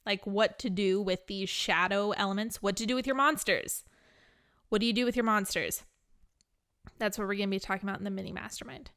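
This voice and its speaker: A woman's voice: medium pitch, steady tone, a little fast, fairly bright tone, clear, resonant tone. A woman teaching a spiritual class and answering questions in a blunt, candid way, laughing now and then. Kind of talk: live teaching with Q&A.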